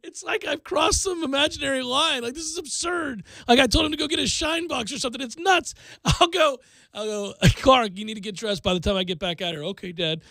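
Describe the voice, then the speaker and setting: High-voiced gravelly male radio host. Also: a little fast, no room sound. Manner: animated storytelling, acts out scolding his kid. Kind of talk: casual radio chat. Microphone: studio microphone, dry.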